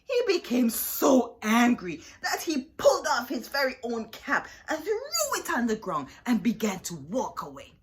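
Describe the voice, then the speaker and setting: A woman reading a picture book aloud to children in an animated way, stopping to ask her young listeners questions. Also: fairly high pitch, unhurried, few pauses. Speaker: children's storyteller.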